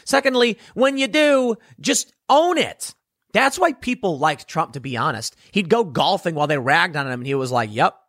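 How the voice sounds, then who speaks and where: A young man, a political commentator, delivers a solo segment that's blunt, sarcastic, scornful and ranting. His fairly high, sing-song voice has a fairly bright tone, at a moderate pace, in a dry, studio-quality recording.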